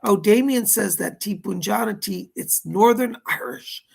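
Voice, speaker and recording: A man's voice: sits high, normal speed, gravelly, breathy edge. A man hosting a psychic astrology livestream, chatting casually and reading out viewer comments as he responds to them. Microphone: computer setup at a keyboard.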